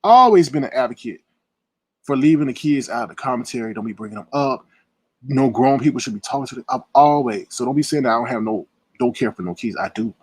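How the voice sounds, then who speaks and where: A man in a heated livestream rant, confrontational and indignant, swinging between loud outbursts and low muttering, with a husky voice. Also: lively intonation, fast talker, no room sound. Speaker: live-stream commentator. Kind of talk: heated live-stream rant.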